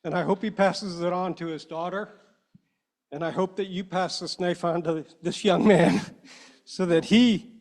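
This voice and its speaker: A man addressing a public meeting as a panel member, earnest and a little halting, emotional as he speaks. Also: sits high, fairly even intonation, darkish tone. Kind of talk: heartfelt speech at a meeting. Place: meeting room.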